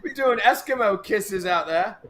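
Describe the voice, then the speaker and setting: A man hosting a fishing live stream, easygoing and quick to laugh. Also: high-pitched, animated, fairly bright tone. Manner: easygoing, laughing, says man and you know. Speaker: host. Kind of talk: joking live stream chat.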